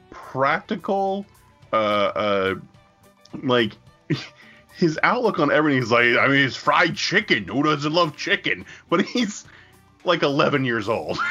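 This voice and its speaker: A male podcast co-host with a wildly animated pitch that leaps up as he laughs and swears through his stories. He stalls on "uh" and "like", with faint music under the talk. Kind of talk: casual profane banter. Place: diner.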